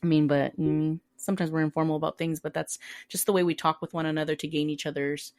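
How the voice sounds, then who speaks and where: A young woman with a somewhat low voice chats casually about her work as a corrections officer. She tells her stories in an animated way, acting out the people she quotes. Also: fast talker. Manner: animated, acts out quoted inmates and coworkers. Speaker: podcast co-host, corrections officer. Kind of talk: casual storytelling chat.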